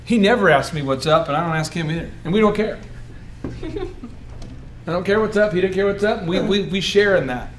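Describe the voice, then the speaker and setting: A man with a high voice leads a coaching session for business owners. He talks in an animated, joking way and keeps checking whether the room follows him. Faint background noise sits under his voice. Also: moderate pace, pauses often. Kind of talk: coaching workshop talk.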